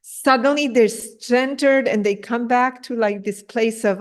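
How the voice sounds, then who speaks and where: A woman leads an online scripture class over a video call, her voice sitting a little high. She talks in an animated, direct way, acting out the voices she quotes and often checking in with her listeners. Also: a little slow, few pauses. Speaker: spiritual teacher.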